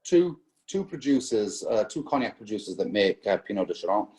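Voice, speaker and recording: A man's voice: lowish voice, big pitch swings, fairly quick, a little mellow. A man being interviewed as a spirits importer, talking casually with many fillers and restarts as he tells stories.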